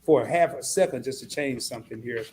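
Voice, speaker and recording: A man hosting a live-stream interview, who gets excited and reads viewer comments aloud as he talks. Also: mid-range voice, fast, a little hiss or hum.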